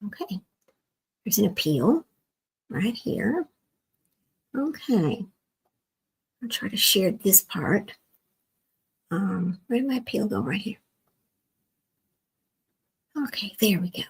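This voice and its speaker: A woman's voice: mid-range voice, expressive, slow pace, vocal fry, pauses often, slightly rough, poor audio. A woman hosting a livestream in a casual chat, talking to herself while she works her screen, often dropping to a near whisper. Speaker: livestream host.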